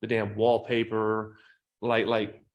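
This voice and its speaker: Profane, animated man telling stories. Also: fairly low pitch, slow, muffled recording. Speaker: podcast guest, sales trainer. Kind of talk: casual interview talk.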